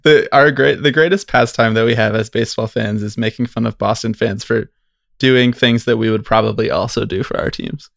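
Man, podcast co-host, gravelly, dry close sound, casual joking chat, frequent laughs. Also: mid-range voice, fairly even intonation, fairly quick, fairly bright tone, no echo. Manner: laughs often, quotes clips dryly.

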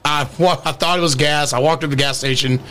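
A man's voice: a little high, fast. A young adult man co-hosting a podcast, swearing freely and acting out quotes as he tells stories in casual chat. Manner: animated storyteller, swears freely, acts out quotes. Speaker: podcast co-host.

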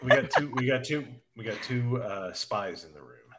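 A man's voice: medium pitch, big pitch swings, normal speed, slight background noise. A man ribbing his friends with sarcastic jokes in casual podcast banter. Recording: crowd chatter behind. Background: crowd.

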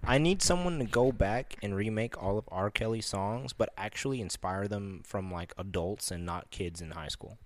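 A man's voice: fairly low pitch, normal speed, hardly any pauses, no echo. A young man in casual podcast chat, reacting bluntly and easygoing in slangy talk.

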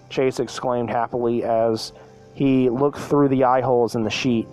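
A man's voice: medium pitch, fairly even intonation, unhurried, a little mellow, faint music behind, poor audio. A man reading a fan story aloud as narrator, often tripping over words and correcting himself mid-sentence. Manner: stumbling, self-correcting reading.

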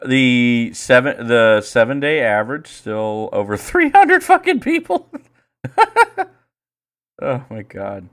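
A man co-hosting a casual podcast, talking in a profane, excitable way and breaking into loud rants. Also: mid-range voice, slow pace, pauses often. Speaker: podcast co-host.

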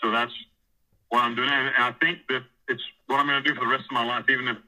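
A man's voice: mid-range voice, level tone, fast, sharp tone, rough recording. A man in prison telling a rambling, profane story about taking over church services, often acting out what others said. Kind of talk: casual storytelling interview.

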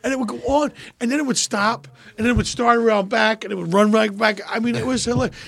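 A man telling a story in casual podcast chat, animated and profane, acting out other people's voices. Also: extremely high pitch, fast, gravelly. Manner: animated, profane, acts out voices and a crying movie monologue.

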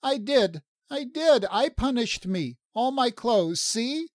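A man voicing a wild, childlike young alien woman who talks in shrill, broken, sobbing bursts. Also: animated, slow, no echo, studio quality, exaggerated voice.

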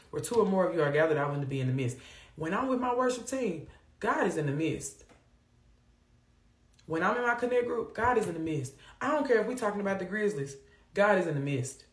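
A woman hosts a live faith talk, speaking in an animated, preachy, down-to-earth way to her viewers. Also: low-pitched, fairly quick. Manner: animated, preachy Southern-flavored vernacular. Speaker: host of a faith livestream. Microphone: phone or webcam on a live stream. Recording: echoey room.

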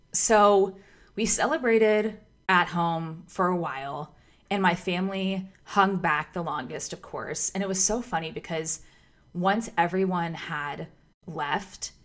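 A woman with a somewhat low-pitched voice recounts a personal story in a relaxed, chatty way. She gushes, restarts her sentences, and fills them with "like.". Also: takes it slowly. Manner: chatty and gushing, full of "like" and restarts. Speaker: vlogger telling her proposal story. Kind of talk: casual storytime chat.

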